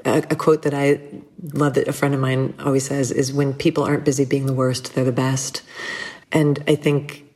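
A middle-aged woman speaking as an interview guest, earnest and reflective, with soft laughs and small restarts. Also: very deep voice, flat delivery, normal speed, breathy edge.

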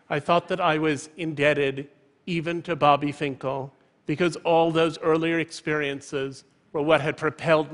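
A man in his fifties giving a prepared public talk from a stage, in a measured, eloquent way. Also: on the high side, fairly bright tone. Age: 50s. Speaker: public speaker. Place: stage in a large hall. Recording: reverberant large auditorium.

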